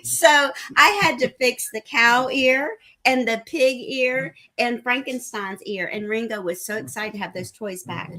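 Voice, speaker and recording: A woman's voice: fairly high pitch, measured pace, few pauses, pushed and bright. A woman co-hosting a live morning cruise show, chatting casually, teasing and giggling often. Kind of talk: casual live-stream chat.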